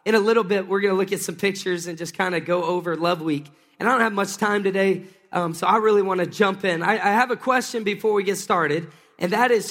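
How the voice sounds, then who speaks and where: Pastor, man, high voice, energetic call-and-response preaching, recorded with long hall reverb. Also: brisk, few pauses. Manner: energetic, calls for crowd responses. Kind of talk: sermon. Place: church sanctuary.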